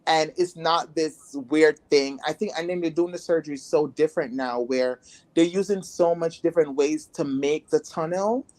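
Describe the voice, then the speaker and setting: A woman's voice: sits low, normal speed, darkish tone. A woman guest in a casual interview who talks bluntly and rambles, with many filler words. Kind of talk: casual candid conversation.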